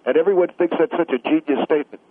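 A man's voice: a little high, fast, no echo. Combative man on a tinny phone line. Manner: combative, interrupting, repeats himself. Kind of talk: heated radio call-in argument.

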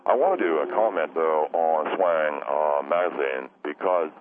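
A young adult man with an extremely low voice speaks at a measured pace, playing a forgetful caller who rambles, keeps apologising and loses his train of thought. The audio comes through a tinny phone line with faint background noise.

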